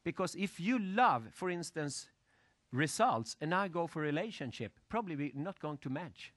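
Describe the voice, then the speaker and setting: A man lecturing an audience with lively storytelling, asking questions and using loose, broken grammar. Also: on the high side, moderate pace, no echo. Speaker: motivational speaker.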